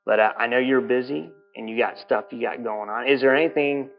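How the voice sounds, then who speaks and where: A man's voice: medium pitch, brisk, vocal fry, lo-fi sound, faint music behind. Chatty man host in a brewery. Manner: rambling, chatty, with many restarts. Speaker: podcast host. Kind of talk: casual interview chat. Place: brewery taproom.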